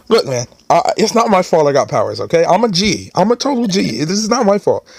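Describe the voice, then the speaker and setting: Playful, animated young man. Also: sits high, a little fast, creaky, hardly any pauses, faint music behind. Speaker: gameplay streamer reading game dialogue. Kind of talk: casual game commentary.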